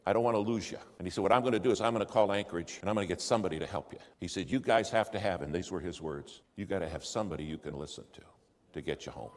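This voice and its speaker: A man's voice: deep voice, very fast. Man telling a story in a reverberant hall. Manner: animated storyteller, acting out quoted voices. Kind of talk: storytelling sermon.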